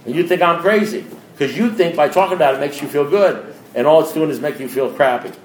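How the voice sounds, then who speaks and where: Speaking briskly in a voice on the high side, a man addresses a recovery group informally. He's straightforward and blunt, frequently questioning his audience directly, and the room echoes with faint noise behind him.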